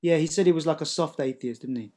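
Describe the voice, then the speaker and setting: A man's voice: a little high, fast, a crowd in the background. A man calling into a debate, hesitant and conciliatory, often stumbling over his words. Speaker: caller. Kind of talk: casual debate call.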